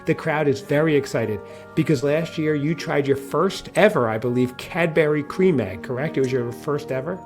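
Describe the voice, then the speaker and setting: A man's voice: a little high, moderate pace, a little mellow, soft background music. Playful, teasing male podcast host. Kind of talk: casual chat.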